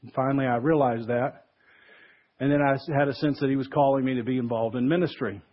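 A man's voice: medium pitch, fairly even intonation, quick pace, highs cut off. A man preaching a conversational sermon as pastor, acting out the voices he quotes.

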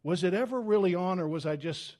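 A male pastor preaching in a church with a fairly high-pitched voice. He talks in an earnest, conversational way, often restarting his sentences. His delivery swings from loud, urgent pleading down to hushed, heavy tones. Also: fairly quick. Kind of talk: sermon.

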